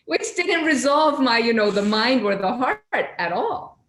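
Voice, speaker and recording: A woman telling a personal spiritual story in an earnest, animated way, acting out her own inner voices. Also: a little high, slow pace. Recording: echoey room with faint ambience.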